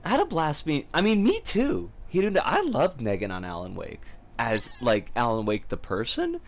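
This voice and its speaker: A man's voice: medium pitch, very animated, moderate pace, vocal fry. A man streaming a game and chatting casually with his viewers, rambling with frequent fillers.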